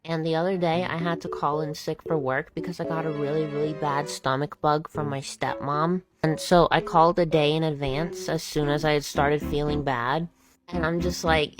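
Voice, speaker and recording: A young woman telling retail work stories in a sarcastic, deadpan way for her vlog. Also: low-pitched, normal speed, music in the background. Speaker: vlogger. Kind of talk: storytime vlog.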